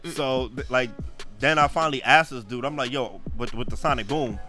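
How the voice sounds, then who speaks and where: A man's voice: mid-range voice, normal speed, faint music behind. A man, telling stories in a casual podcast chat and acting out old conversations. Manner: animated storytelling, acts out old conversations. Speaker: podcast guest.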